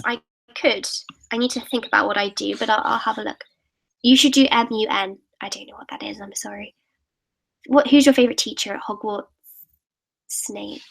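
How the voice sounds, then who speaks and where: A woman's voice: mid-range voice, creaky, fairly bright tone, low-quality recording. A teenage girl in a casual live-stream Q&A, reading out viewers' comments and answering them in a chatty, upbeat way. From United Kingdom. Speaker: YouTuber answering live questions.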